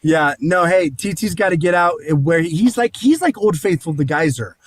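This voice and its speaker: High-voiced man joking on a podcast. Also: lively intonation, moderate pace. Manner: reads news aloud, joking and laughing. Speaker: podcast co-host. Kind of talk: crude comedic banter.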